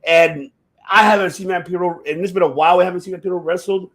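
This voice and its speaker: An excitable man with a fairly high voice chats casually as a show host. He swears a lot and rambles, restarting his sentences often. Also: quick pace. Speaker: podcast host. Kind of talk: casual chat about wrestling.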